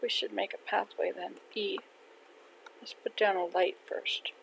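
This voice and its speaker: Older woman, gaming chat, very slow pace, noisy home recording. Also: mid-range voice, steady tone, gravelly. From Canada. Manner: slow, gentle, talks to herself while playing. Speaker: gaming channel host. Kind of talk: casual gameplay chat. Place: home in winter.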